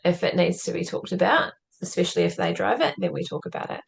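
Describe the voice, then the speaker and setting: A woman's voice: on the low side, fast, creaky. A woman as a podcast guest, telling a personal story in an earnest, reflective way and often saying "like". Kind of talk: conversational interview storytelling.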